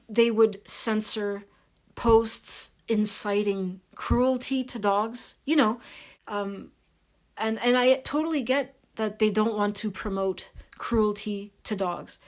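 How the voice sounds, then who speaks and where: A woman hosting her own video channel, talking casually to her viewers in a soft voice that they compare to ASMR, with many pauses and fillers. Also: on the high side.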